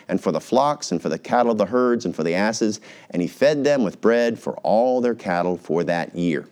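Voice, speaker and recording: A man with an American accent, a pastor, teaching a sermon in a conversational way and putting on little voices for examples. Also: medium pitch. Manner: conversational, animated, puts on voices for everyday examples.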